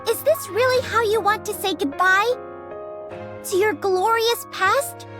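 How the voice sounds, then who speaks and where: A woman's voice: very high voice, unhurried. An actress voicing a fiery, pushy young woman manager who talks in an indignant, bossy way. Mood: determined. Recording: game dialogue over music.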